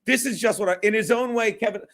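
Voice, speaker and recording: Giggly high-voiced streamer. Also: male voice, fast talker, a bit bright. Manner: profane, giggly, rambling. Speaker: livestream host. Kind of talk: casual solo livestream chat.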